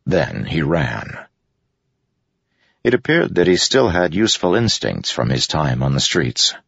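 A man narrates a story in a very deep, gravelly voice with lively shifts of pitch. His voice is husky. The recording is dry and slightly muffled. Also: no echo. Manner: measured, steady storytelling. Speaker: audiobook narrator. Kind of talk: scripted narration.

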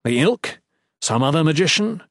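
A man's voice: on the high side, very animated, normal speed, gravelly, fairly bright tone, no echo, studio quality, voice pushed up, heavily acted. A man voicing a hot-headed male priest who argues in a strained, raised voice. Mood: accusing.

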